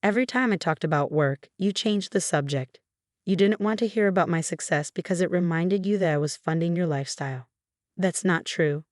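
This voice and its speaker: Woman narrator in her thirties, deep voice, flat steady delivery, dry recording. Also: a little fast, dry recording. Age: 30s. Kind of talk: scripted story narration.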